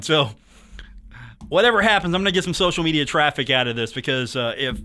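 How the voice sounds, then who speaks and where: A man's voice: high voice, moderate pace, bright, forceful tone. A man hosting a sports radio show in a studio, talking in a joking, teasing, rambling way. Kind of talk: casual sports talk radio monologue.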